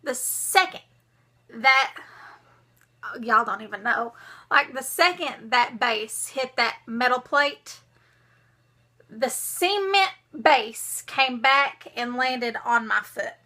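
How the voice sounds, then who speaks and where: Girl telling a storytime vlog, super bright voice, kinda high, dramatic and animated. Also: slow. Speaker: vlogger.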